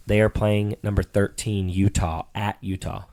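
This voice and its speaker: Middle-aged father co-host, very low voice, ribbing and bossy in casual banter. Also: little pitch movement, moderate pace, a little mellow. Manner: teasing, playfully bossy. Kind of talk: casual sports-picks chat.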